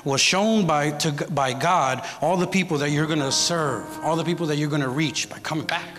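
With a slightly high, somewhat bright voice at normal speed, a man preaches as a guest in a church hall, sharing a personal story in a conversational style. He keeps asking the congregation "right?". Music and hall reverb are audible.

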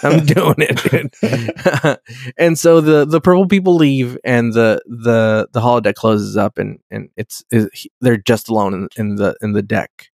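A man's voice: on the low side, moderate pace, gravelly, few pauses, a little mellow, no room sound, clean studio sound. A man casually recapping a TV episode, rambling and swearing, often saying "dude". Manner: profane and rambling, peppered with "dude". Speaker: podcast co-host.

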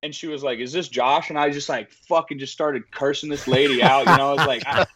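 A man's voice: a little high, fast talker. A man, a podcast guest, chatting casually and telling stories with lots of profanity and fillers. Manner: animated storytelling, frequent profanity and fillers. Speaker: record label owner guest.

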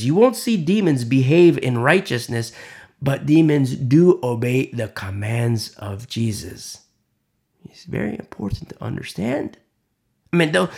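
Gravelly man preaching with whispered asides. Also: fairly high pitch. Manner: swings from loud emphatic lines to hushed whispers. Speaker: pastor. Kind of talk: sermon.

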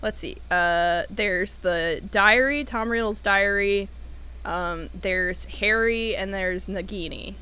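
A young American woman in casual chat, talking quickly and laughing at herself as she answers trivia. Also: medium pitch, pushed and bright, smooth. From United States. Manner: chatty and self-deprecating, quick to laugh.

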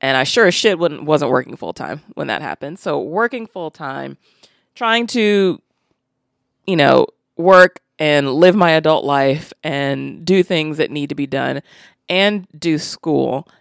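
Woman, late thirties, low gravelly voice, earnest podcast co-host. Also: no echo, clean studio sound. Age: 30s. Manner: earnest, hesitant, with fillers. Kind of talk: casual chat.

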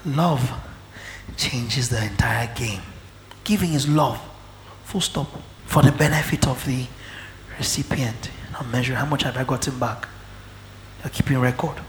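A male preacher delivering a sermon, dropping to low murmurs and then breaking into shouts. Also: normal speed, slight background noise. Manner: fiery, swings between low murmurs and shouting. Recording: echoey hall.

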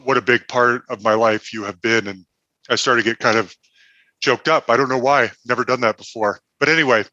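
Bright, dry-voiced male interviewer. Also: medium pitch, fairly quick, dry recording, lo-fi sound. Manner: earnest, a little choked up. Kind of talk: interview over video call.

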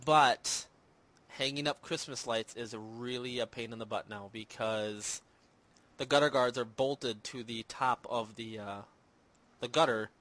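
Brief: male podcast host, mid-pitched, chatty and rambling, easygoing. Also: fairly even intonation, a little slow, a bit bright. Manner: rambling, self-deprecating, lots of fillers. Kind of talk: casual chat. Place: home in Minnesota.

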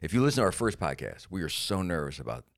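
A middle-aged man, a comedian and podcast co-host, chatting casually and jumping into silly high voices when he tells a story. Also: quick pace, dry recording, clean studio sound. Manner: animated storyteller who jumps into silly high voices for quotes.

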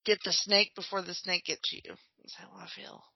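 A woman's voice: mid-range voice, fairly even intonation, normal speed, no room sound. A woman hosting a casual podcast, trading wry, laid-back quips while watching a movie. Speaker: podcast host. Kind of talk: casual live-watch chat. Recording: dull lo-fi sound, dry.

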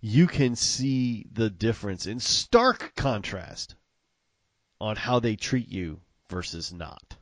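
A man in casual conversation, relaxed and opinionated, slowing down to make his points. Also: lowish voice, no echo, studio quality. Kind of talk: casual chat.

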